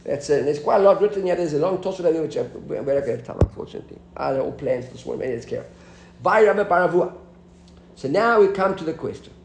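Male Talmud teacher, high voice, explains the text and quizzes the class, echoey room sound. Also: lively intonation, fast, creaky, slight background noise. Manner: explanatory, asks the class questions.

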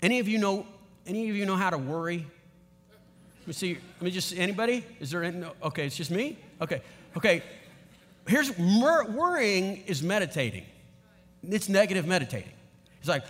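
High-voiced pastor preaching in a reverberant hall. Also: male voice, fairly quick. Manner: conversational, animated, asks the audience questions. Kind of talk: sermon. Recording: long reverb of a large hall.

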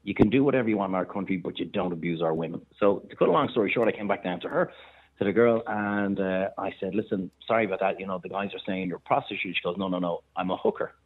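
An Irish man, a chef and restaurateur, telling animated anecdotes in casual chat. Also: deep voice, slightly rough. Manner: animated anecdotes, quick bursts of laughter. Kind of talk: casual storytelling on a phone-in. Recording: tinny phone line.

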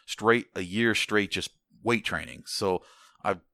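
A very deep-voiced American man talking in loose, casual conversation. He rambles, restarts his sentences often, and swears offhandedly. The sound is dry and close. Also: takes it slowly, bright, forceful tone, no echo. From United States. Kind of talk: casual chat.

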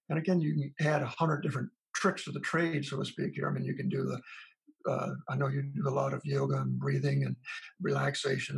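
A man's voice: medium pitch, vocal fry, slightly rough, low-quality recording. A man, a psychologist, answering in an interview, retelling his talks with parents in a conversational way. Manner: recounts parent dialogues, thinking aloud with restarts. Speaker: psychologist guest.

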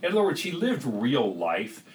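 A man's voice: medium pitch, wildly swooping pitch, moderate pace, distant mic, slight background noise, low-quality recording. A man talking as a guest on a podcast, earnest and reflective, a little rambling. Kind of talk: podcast conversation.

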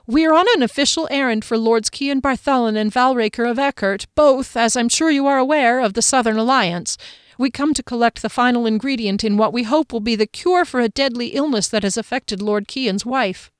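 A woman's voice: a little high, fairly quick, clean tone, dry recording, studio quality, pitched above the performer's own voice, lightly acted. A woman voicing a proud young male wood elf who leads a small party, earnest and formal, in an audiobook.

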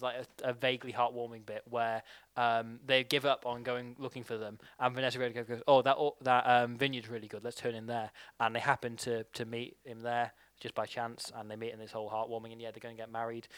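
A man's voice: mid-range voice, level tone, fast, hardly any pauses, fairly bright tone, clean tone, dry recording. A man mockingly recapping a film plot in a rambling way, acting out the characters' lines.

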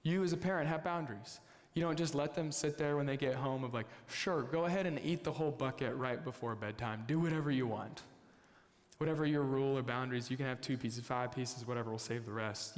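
Animated young pastor preaching in a reverberant hall. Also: male voice, medium pitch. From United States. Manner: storytelling, animated, jumps to loud excited bursts. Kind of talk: sermon.

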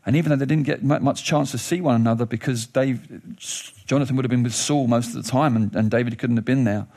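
A man preaching a sermon, telling a story with lively restarts and questions. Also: quick pace. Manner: animated storytelling, rising pitch in questions; frequent restarts and thinking aloud.

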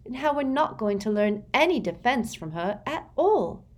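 A woman voicing an earnest, clever teenage girl who speaks eagerly and a little higher. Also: very animated, moderate pace, darkish tone.

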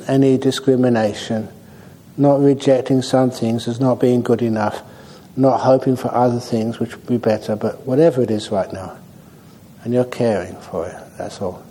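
Male monk, meditation teacher; soft, dark timbre, mid pitch; humorous, anecdotal dharma talk. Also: poor audio. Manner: relaxed, humorous storytelling. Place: meditation hall.

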